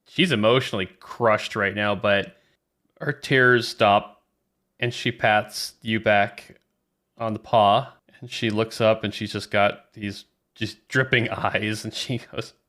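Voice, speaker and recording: A man narrating as game master in a lively, descriptive way. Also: lowish voice, slow.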